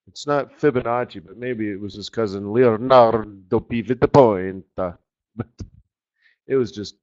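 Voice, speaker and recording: A man hosting a live trading webinar, talking over his charts with excited outbursts and trailing murmurs. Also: mid-range voice, dull audio. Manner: excitable, exclamatory, trails off while fiddling with charts. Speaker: forex market strategist hosting a live webinar.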